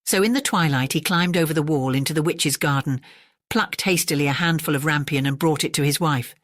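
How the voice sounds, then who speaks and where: A woman reads a classic fairy tale as a soothing bedtime story, gentle and unhurried. Her voice sits low, recorded close and dry. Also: no room sound.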